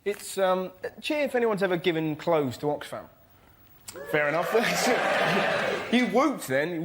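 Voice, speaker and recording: High-voiced West Country comedian, animated. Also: male voice, a little slow. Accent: West Country English. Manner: animated, switches into shouted character voices. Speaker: comedian on a panel show. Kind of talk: stand-up routine on a panel show. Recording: loud audience and noise in a TV studio.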